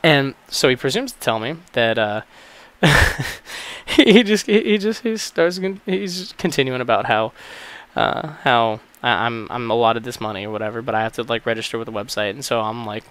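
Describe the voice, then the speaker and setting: A man's voice: mid-range voice, animated, normal speed, fairly bright tone, clean tone. Rambling young man hosting a gaming vlog. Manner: rambling, filler-heavy, with casual swearing. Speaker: gaming channel host. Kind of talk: casual gameplay commentary vlog.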